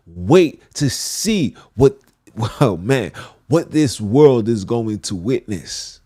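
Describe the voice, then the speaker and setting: A man's voice: mid-range voice, very animated, drawn-out words, dark tone, slightly rough. A man preaching a fervent, repetitive monologue as a podcast host, slipping into archaic scripture phrasing.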